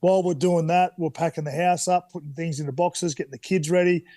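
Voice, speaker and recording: Here a podcast guest, an Australian man in his thirties, talks fairly quickly in a slightly high voice with no echo. His relaxed, candid stories come out in a casual interview, crowded with fillers and restarts.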